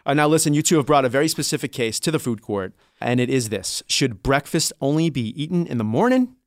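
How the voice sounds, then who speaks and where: A man's voice: mid-range voice, lively intonation, brisk, dry recording, clean studio sound. A middle-aged man from New York hosting a casual podcast, joking and self-deprecating, often tripping over his words. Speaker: podcast host and judge.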